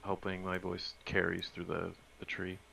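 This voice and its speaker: A man talks casually as a player in a tabletop game and plainly describes his actions. His voice sits very low, with a gravelly edge and a sharp brightness. Faint noise hangs under him. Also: monotone, normal speed.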